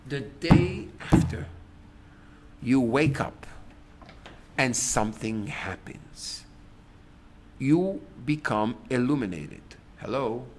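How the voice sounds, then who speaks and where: A middle-aged man, a rabbi, giving a lecture to a class on relationships. He tells stories in a lively way, acts out what people say, and breaks into sudden loud outbursts. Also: medium pitch, slow, long pauses, a little hiss or hum. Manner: animated storyteller, acts out quotes, sudden loud bursts.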